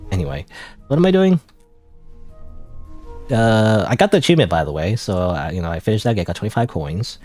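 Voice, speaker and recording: A man's voice: lowish voice, darkish tone. A man chatting casually on a gaming livestream, rambling and second-guessing himself with lots of fillers. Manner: rambling, self-doubting, frequent fillers and laughs. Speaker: streamer.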